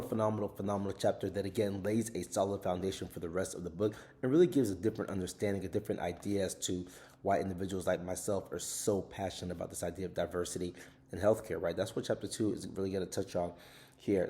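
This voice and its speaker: A man's voice: sits low, quick pace, dark tone. A man hosting a podcast, casually giving an overview of his own book in an earnest way and often adding tag questions. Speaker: author and podcast host.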